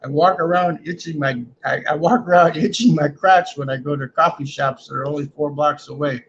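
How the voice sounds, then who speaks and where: A man with a slightly high, steady, somewhat bright voice talks briskly while hosting a casual livestream. He reads chat comments out loud and jokes in a rambling manner, frequently tacking "man" onto the end of lines, over dull lo-fi audio with a touch of background noise.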